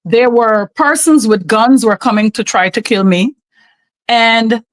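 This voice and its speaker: A woman's voice: a little high, dry recording, rough recording. A woman from Guyana, a podcast guest giving an earnest, emphatic personal testimony and often calling on God.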